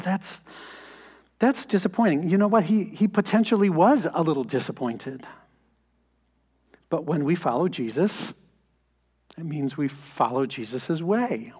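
Earnest man preaching, fairly high voice. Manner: earnest, conversational preaching with rising emphasis. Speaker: pastor. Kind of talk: sermon.

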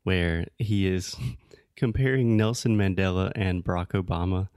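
A man hosting a casual chat for English learners, explaining words and phrases slowly and carefully. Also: low-pitched, steady tone, a little mellow, smooth, no room sound, studio quality. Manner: explains word meanings, slow and deliberate. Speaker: host teaching English.

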